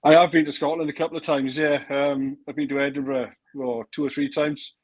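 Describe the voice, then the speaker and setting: A man's voice: a little high, little pitch movement, fairly quick, a crowd in the background, rough recording. A man with a thick South Welsh accent, chatting easily on a live stream and laughing often. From Wales. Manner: easygoing, laughs often, says "mate". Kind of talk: casual chat on a live stream.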